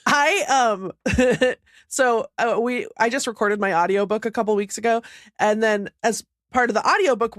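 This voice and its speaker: A woman's voice: medium pitch, no room sound, clean studio sound. A woman in her thirties co-hosting a podcast, rambling in casual chat with self-deprecating humor and laughter. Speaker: podcast co-host, author.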